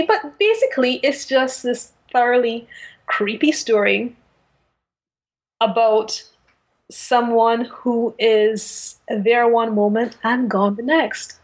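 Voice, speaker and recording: A woman co-hosting a podcast, retelling a story in casual talk with many fillers and restarts. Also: a little high. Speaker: podcast co-host. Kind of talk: casual book discussion.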